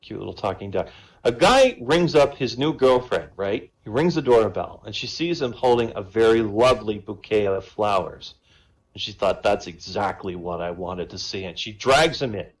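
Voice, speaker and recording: A man's voice: fairly low pitch, lively intonation, moderate pace, rough recording. Casual man telling jokes. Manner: casual, chatty storytelling. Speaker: comedian. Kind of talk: joke telling at a voice comedy show.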